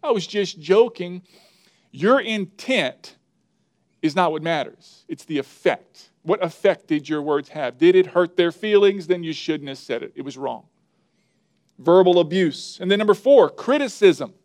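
A man's voice: on the high side, animated, unhurried, darkish tone, no echo. A man preaching a sermon as a pastor, stressing and repeating his key words as he works through a numbered list. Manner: emphatic, repeats key words and lists points.

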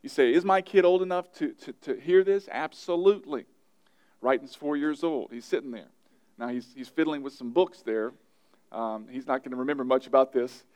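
A man's voice: mid-range voice, normal speed, darkish tone. A male pastor, around his thirties, preaching an emphatic sermon and repeating his key phrases.

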